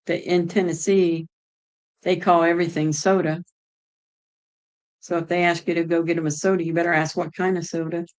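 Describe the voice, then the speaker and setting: A woman's voice: lowish voice, a little mellow, poor audio. A middle-aged woman from Ohio, chatting casually and rambling as she answers her viewers' chat. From Ohio, United States.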